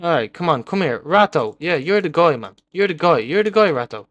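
A young man commenting live on his own gameplay, excitable and repeating words in bursts as he taunts other players. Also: a little high, fairly quick, no echo, lo-fi sound. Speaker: gaming video creator.

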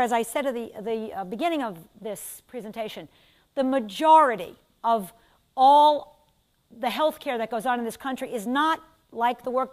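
Lecturing her class, this older New York woman speaks with a high-pitched voice. She drifts into rapid, conversational asides and often turns to the students to pose questions.

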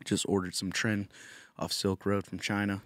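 A man's voice: deep voice, flat delivery, normal speed, fairly bright tone, no room sound. A man from Virginia hosting a comedy podcast in a crude, rambling, boastful monologue. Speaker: podcast host.

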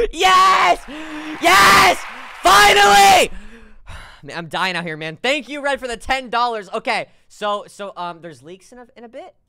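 A man streaming a game live, talking to his chat in an excitable, joking way with sudden shouts. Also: high-pitched, normal speed, clean tone.

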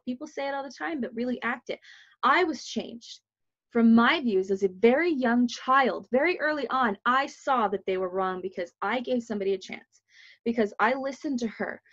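A young woman from the United States, a podcast host telling stories in casual chat, blunt and full of swearing. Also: on the high side. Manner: blunt, profane storytelling. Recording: dull lo-fi sound.

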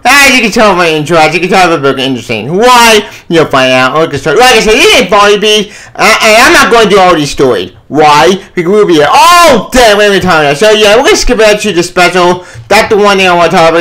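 A man reviewing a comic book in a casual vlog, excitable and rambling, who swears freely. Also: high voice, fast, hardly any pauses.

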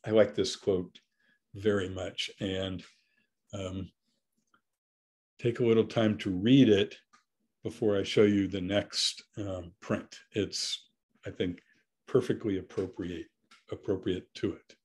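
Middle-aged male curator with a lowish voice, lecturing on art in a thoughtful, halting way. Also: steady tone, a little mellow, husky. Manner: thoughtful, with frequent pauses and fillers. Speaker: curator giving a gallery lecture.

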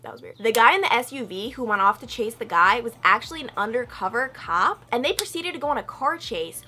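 A young woman vlogging, telling a story in a chatty, animated way and acting out quotes with loud high outbursts. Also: a little fast, a little hiss or hum. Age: young adult. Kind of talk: casual storytelling vlog.

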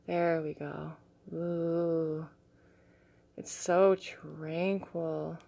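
A young woman talks to her viewers with eager, gushing excitement, a bit out of breath as she shows off her things. Her voice sits a little low for a woman, and now and then she slips into soft, hushed asides. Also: vocal fry, breathy edge. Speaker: vlogger. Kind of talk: casual unboxing chat.

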